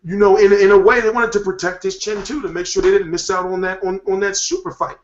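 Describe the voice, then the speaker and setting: Man, boxing show host, high voice, profane rambling rant, roomy echo, dull audio. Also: fairly even intonation, fast. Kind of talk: casual boxing commentary. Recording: echoey room, dull lo-fi sound.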